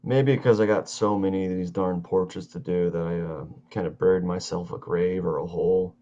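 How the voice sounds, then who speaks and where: Man, very deep voice, tired, yawning, rambling stream chat, slightly muffled lo-fi audio. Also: steady tone, mellow. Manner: meandering, halting, self-talk with fillers. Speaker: artist streaming his drawing. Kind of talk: casual rambling chat while drawing.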